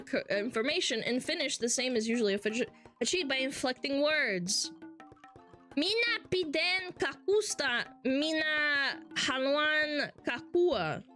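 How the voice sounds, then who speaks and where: A woman streamer talks casually with her live chat, reading messages aloud and answering in a brash, swearing way. Her voice sits a little on the high side. Faint music plays underneath. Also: fairly bright tone.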